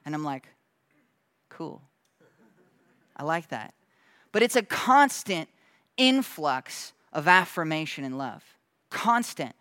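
A man preaching in a loose, conversational way, acting out quick voices and laughing now and then. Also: high voice, smooth, no echo. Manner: animated, acts out quick voices in his story. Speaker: pastor. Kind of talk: casual conversational sermon.

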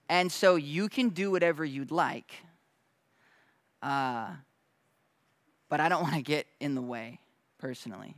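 A man preaching in a loose, conversational way, acting out quick voices and laughing now and then. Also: a little high, no room sound. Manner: animated, acts out quick voices in his story. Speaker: pastor. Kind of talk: casual conversational sermon.

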